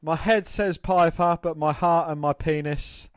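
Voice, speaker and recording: A man's voice: fairly high pitch, steady tone, unhurried, clear, resonant tone, no room sound. A man co-hosting a podcast, commenting on wrestling in a crude, joking way and swearing freely. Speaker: podcast co-host. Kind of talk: casual wrestling watch-along commentary.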